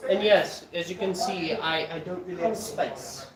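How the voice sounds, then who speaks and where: A man's voice: sits high, fairly even intonation, normal speed, echoey room, crowd noise. Chatty swearing man from South Africa. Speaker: streamer cooking. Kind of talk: casual livestream chat.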